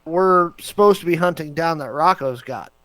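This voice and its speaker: A man playing a tabletop game, excitable and bossy with his teammates. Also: on the high side, normal speed, no room sound.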